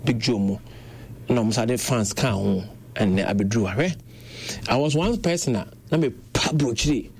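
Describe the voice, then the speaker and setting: Swapping freely between Twi and English, a young Ghanaian-accented man spins animated stories in a relaxed chat. He speaks at a moderate pace in a mid-range voice with vocal fry, over faint background noise.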